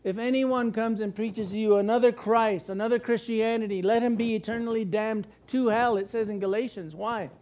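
High-voiced, animated American pastor preaching. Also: male voice, normal speed, hardly any pauses. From United States. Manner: animated, asks and answers his own questions, acts out worried voices. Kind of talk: sermon.

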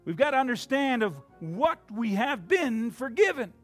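A man preaching a sermon, swinging from loud, dramatic lines to hushed ones and acting out the quotes he reads. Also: extremely high pitch, very animated, moderate pace, faint music behind.

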